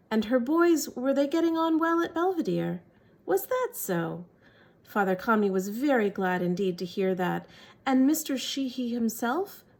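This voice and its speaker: A woman, an author, reading literary fiction aloud in a measured, expressive way. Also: medium pitch.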